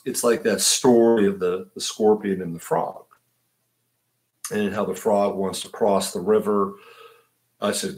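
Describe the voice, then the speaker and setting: Man, lowish voice, astrology livestream host, casual, rhetorical questions. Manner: conversational, asks rhetorical "right?". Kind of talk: livestream talk.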